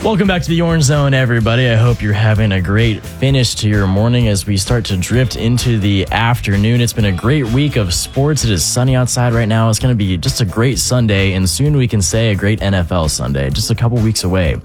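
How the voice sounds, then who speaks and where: Man, sports radio host, deeper voice, upbeat and quick to laugh, studio mic. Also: a little mellow, soft background music. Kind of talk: casual sports talk.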